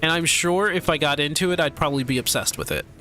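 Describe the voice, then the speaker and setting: A man's voice: a little high, quick pace, pushed and bright, faint music behind. A man streaming live, chatting casually and animatedly with his viewers, laughing often and tripping over his words.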